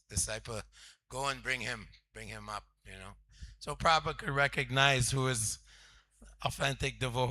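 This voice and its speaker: An older man in his seventies tells stories from his youth as a lecture. His voice sits at a middle pitch but has a sharp, bright, forceful timbre, and he often breaks into chuckles as he recalls each memory. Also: poor audio. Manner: reminiscing, laughs often between anecdotes. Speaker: spiritual teacher. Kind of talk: storytelling lecture.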